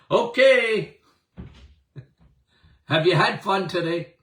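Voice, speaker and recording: An older man hosting a health podcast, talking emphatically and excitedly to listeners, laughing often. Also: on the high side, a little slow, pauses often, roomy sound, recorded from a distance. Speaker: podcast host and health doctor. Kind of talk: animated health talk to listeners.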